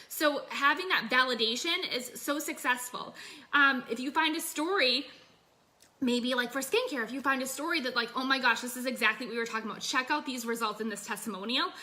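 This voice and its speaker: A woman's voice: high-pitched, pushed and bright. A woman business coach talking casually and energetically to her online group from her phone, full of fillers and "you guys".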